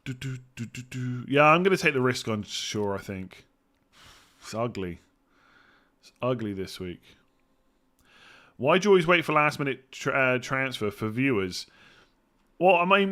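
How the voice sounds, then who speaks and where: A man's voice: mid-range voice, sharp tone. An English man hosting a live stream, answering viewer questions and thinking aloud in a rambling, casual way. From England. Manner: rambling, thinks aloud, hums while reading. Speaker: fantasy football streamer.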